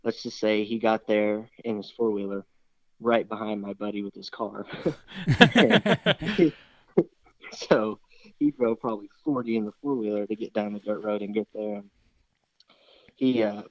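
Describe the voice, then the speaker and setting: A man's voice: fairly low pitch, dry recording. A young man telling a story casually in an interview, rambling along with many restarts and fillers. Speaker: interview guest, hunter. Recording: slightly dull, dry recording.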